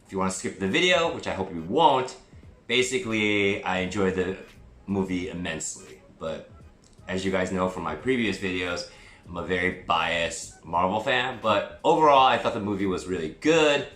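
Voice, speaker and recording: A man with a low, bright-toned voice talks through a casual movie review, rambling from point to point and poking fun at himself. The room gives his voice a noticeable echo, and faint music plays underneath. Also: lively intonation, normal speed. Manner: chatty and digressive, self-deprecating asides.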